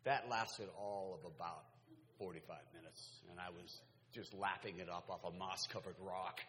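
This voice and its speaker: Low-voiced man preaching in echoey hall. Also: steady tone, normal speed, a crowd in the background. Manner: conversational storytelling with audience asides. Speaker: pastor. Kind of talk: sermon. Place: large hall. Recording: echoey hall, faint ambience.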